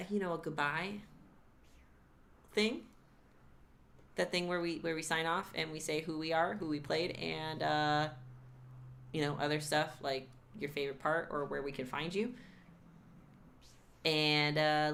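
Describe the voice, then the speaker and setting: A woman's voice: low-pitched, little pitch movement, measured pace, gravelly, pauses often, fairly bright tone. A woman serving as game master, narrating and wrapping up a tabletop game session over a voice call, rambling and reassuring with many fillers.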